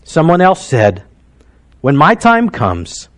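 Heartfelt male pastor, higher voice. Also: huge pitch swings, slow pace. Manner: heartfelt, emotional storytelling with quiet drops and rising emphasis. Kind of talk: sermon.

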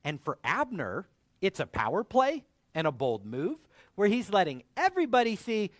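A male pastor delivers a sermon with a slightly high voice that swoops up and down as he acts out biblical scenes. His delivery is animated and theatrical. The sound is dry and close, with no room echo. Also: normal speed.

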